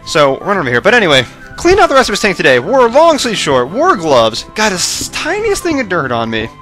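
A young man rambling casually over his gameplay footage, self-mocking and prone to excited outbursts, his voice tiring late at night. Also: high-pitched, a little fast, soft background music. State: voice going hoarse late at night. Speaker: let's play host.

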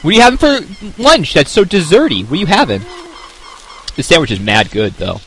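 Lively, chatty man streaming a game. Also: on the high side, fairly quick, a little hiss or hum. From Maine, United States. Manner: chatty and reactive, talks to viewers. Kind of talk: live game-stream chat.

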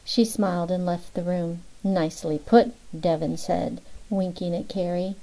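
A woman's voice: dark tone, rough recording. A woman narrating a novel as an audiobook, lifting her voice slightly for the characters' lines. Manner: reads all characters with small pitch lifts for dialogue.

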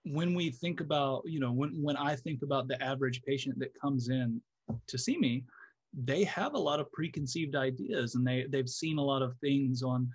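Appearing as a guest physiotherapist, a man with a slightly rough, medium-pitched voice speaks at a moderate pace with no echo. He's thoughtful and explanatory in the casual podcast chat, frequently starting over as he works through ideas.

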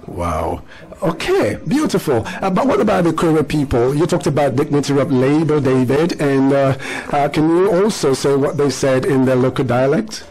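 A middle-aged man hosting a radio show, quick to praise his young guests and ask them to repeat things. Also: fairly high pitch, sing-song, a little mellow, poor audio. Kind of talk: radio interview with schoolchildren.

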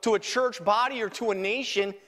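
A man's voice: high-pitched, fairly even intonation, brisk, sharp tone. A man preaching a live sermon as pastor, emphatic and repeating key lines. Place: church sanctuary. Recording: live church recording with long reverb.

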